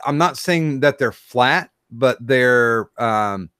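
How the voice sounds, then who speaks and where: A man of middle pitch hosting a casual podcast, speaking in halting bursts with frequent pauses. His voice is recorded close up, with a dry, dead sound and no room echo. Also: a bit bright, clean tone. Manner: halting, many fillers and restarts. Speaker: podcast host.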